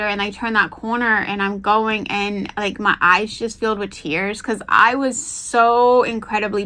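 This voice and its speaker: A woman's voice: mid-range voice, bright, forceful tone. A young woman vlogger telling a personal story at home, chatty and emotional, often repeating herself.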